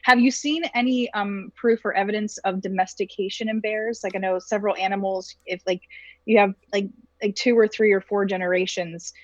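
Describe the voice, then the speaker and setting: A woman asks a panel guest a rambling question, full of fillers and restarts. Her voice is mid-pitched. The sound is dull and dry. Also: steady tone, fairly quick, a little mellow, no room sound. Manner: hesitant, lots of fillers. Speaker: panel member asking a question. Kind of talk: casual question.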